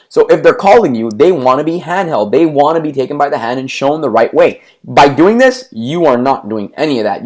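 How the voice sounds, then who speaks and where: A man coaching business owners, speaking emphatically in repeated lists of instructions, with frequent stammered restarts. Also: mid-range voice. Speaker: marketing coach for martial arts schools. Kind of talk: instructional talk to school owners.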